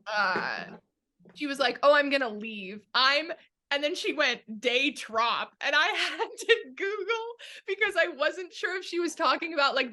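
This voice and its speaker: Young woman, podcast guest; bright, forceful tone, laughing storyteller. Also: high-pitched. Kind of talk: casual film podcast chat.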